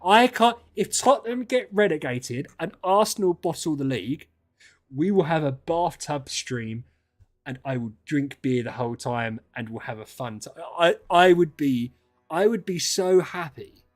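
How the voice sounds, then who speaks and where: A young man chatting casually on a livestream, ranting in an animated way and swearing freely. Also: fairly high pitch, unhurried, faint music behind. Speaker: streamer.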